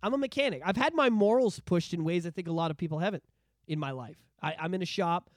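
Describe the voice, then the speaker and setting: A man, co-hosting a podcast in casual chat, ranting in a profane, animated way. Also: high voice, fast, no room sound, studio quality. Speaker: podcast co-host.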